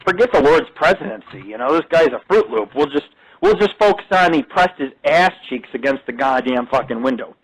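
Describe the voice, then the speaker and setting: A man hosting an internet radio show, telling a crude, boastful story in loud, profane casual talk from a home studio. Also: on the high side, lively intonation, a little fast, rough recording.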